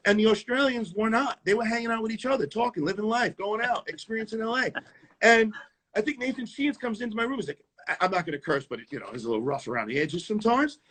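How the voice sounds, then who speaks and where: His high, slightly rough voice moves at a quick pace as the New York–accented tap dancer tells stories in a casual interview. He's animated and repeats words, speaking over a video call.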